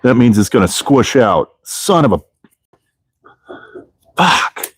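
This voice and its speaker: A man's voice: mid-range voice, very animated, takes it slowly, husky. A man hosting a casual live stream from his car restoration garage, chatting loosely with viewers in profanity-heavy shop talk. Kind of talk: casual live-stream chat while working.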